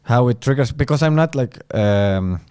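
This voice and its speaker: Male comedian, hesitant guest chat, mellow smooth voice. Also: medium pitch, lively intonation, no room sound, clean studio sound. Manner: halting, searching for words with many fillers. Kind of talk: casual podcast chat.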